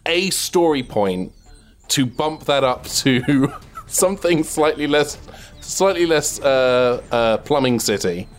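A man playing in a tabletop game, describing his character's actions in an animated, playful way. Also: a little high. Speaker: player.

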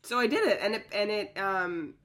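A woman's voice: mid-range voice, a bit bright. Joking Canadian woman comedian. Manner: playful, quick jokes and goofy voices. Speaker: guest comedian. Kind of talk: casual interview chat.

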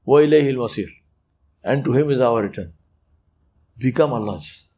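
Male preacher, lively emphatic delivery with acted-out asides. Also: mid-range voice, brisk. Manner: animated, emphatic, acts out quoted speech. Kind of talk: religious talk.

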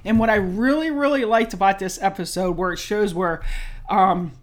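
A woman's voice: mid-range voice, moderate pace. Chatty woman telling a story. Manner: animated storytelling, acts out reactions. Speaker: podcast co-host. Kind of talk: casual chat.

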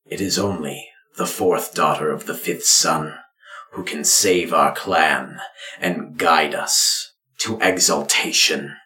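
A man voicing a grave, proud lizardfolk clan father who speaks in slow, weighty pronouncements. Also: rumbling low, steady tone, sharp tone, voice pushed down, full character voice. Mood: solemn. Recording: roomy echo.

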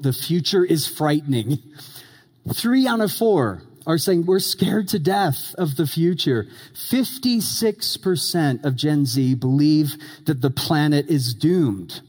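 A man preaching a sermon, telling a lively story and acting out the voices of the people in it. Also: on the high side. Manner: animated storyteller, acts out quotes. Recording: long hall reverb.

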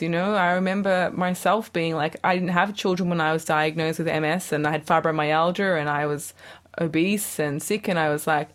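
A woman's voice: lowish voice, normal speed. A woman hosting a podcast interview, asking long, earnest, emotional questions. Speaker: podcast host. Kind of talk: conversational interview.

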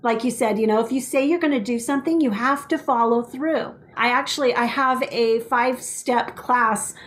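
A middle-aged woman hosting a podcast, telling lively personal parenting stories in casual chat. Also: a little high, normal speed. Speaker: podcast host.

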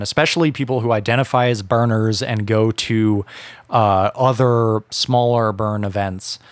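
A man co-hosting a casual podcast conversation, talking in a measured, deliberate and opinionated way. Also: mid-range voice, no echo. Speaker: podcast co-host.

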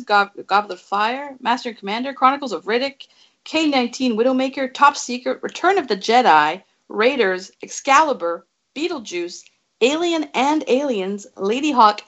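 A woman in casual film-podcast chat, briskly listing film titles. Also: fairly high pitch, lively intonation, a bit bright. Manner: lists titles briskly, chatty. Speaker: podcast co-host. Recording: dull lo-fi mic.

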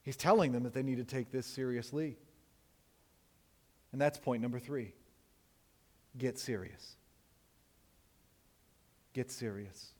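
A man preaching a sermon as pastor, animated and self-deprecating, moving from loud emphasis to quiet asides. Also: high-pitched.

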